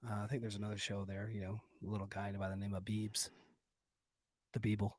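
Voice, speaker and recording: A man with a slightly husky voice rambles through crude jokes and show plugs as a podcast co-host. His delivery is loose and joking, full of fillers and restarts. The sound is dry and close to the mic. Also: fairly low pitch, monotone, brisk, dry recording. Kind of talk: crude comedic podcast banter.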